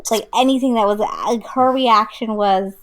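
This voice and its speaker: A woman's voice: fairly high pitch, moderate pace. Chatty young-sounding woman storyteller. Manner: animated storytelling, acts out quotes, many fillers. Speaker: podcast co-host. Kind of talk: casual chat.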